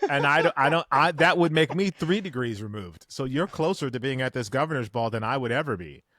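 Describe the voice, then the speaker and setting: A man's voice: medium pitch, animated, brisk, fairly bright tone, no room sound, clean studio sound. Laid-back man joking on a podcast. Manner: joking, self-deprecating. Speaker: podcast co-host. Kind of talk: casual chat.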